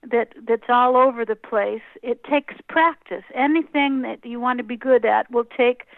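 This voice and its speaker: A woman interviewed as a guest, gently and slowly talking a listener through a breathing meditation. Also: on the high side, gravelly, no room sound. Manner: gentle, slow guidance with soft pauses. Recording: tinny phone-like line, dry.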